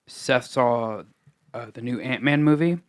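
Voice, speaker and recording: A man's voice: medium pitch, a little slow. Young guy cohost, chill and wry, regular mid voice. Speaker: podcast co-host. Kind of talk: casual chat.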